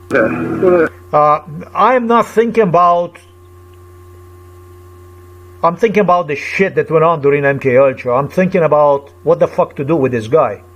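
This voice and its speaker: A man vlogging a rambling personal account, halting and repetitive as he searches for words, and agitated and indignant. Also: on the high side, fairly bright tone.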